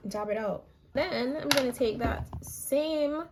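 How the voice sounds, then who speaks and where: A young woman with a hoarse voice, chatting casually and a little self-deprecatingly while walking through her makeup routine. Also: high voice, a little slow, a little mellow, faint music behind. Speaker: makeup vlogger. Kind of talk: casual makeup tutorial chat.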